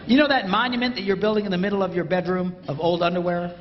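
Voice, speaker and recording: A man giving a humorous live talk to an audience, playful and animated. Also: high voice, fast, background noise. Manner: playful and animated, mimics a bell sound. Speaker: speaker addressing an audience. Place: large hall with a live audience. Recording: dull, roomy hall recording.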